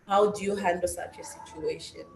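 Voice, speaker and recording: A woman's voice: fairly low pitch, fairly even intonation, normal speed, slight background noise. Woman moderating a workshop. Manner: switches between English and Swahili, restarts often. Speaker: session facilitator and interpreter. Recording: echoey room with faint ambience.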